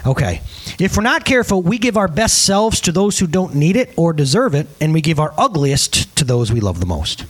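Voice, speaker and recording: A man's voice: fairly high pitch, very animated, moderate pace. A man preaching a sermon at a church service, casual and joking as he tells a story. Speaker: pastor.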